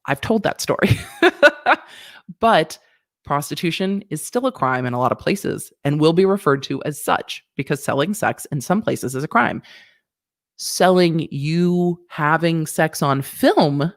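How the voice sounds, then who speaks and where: A woman's voice: lowish voice, unhurried, no room sound. Blunt, laughing woman on a dry mic. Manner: blunt, animated, laughs often, swears casually. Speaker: legal commentator hosting a livestream; former district attorney. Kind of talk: casual livestream chat answering viewer questions.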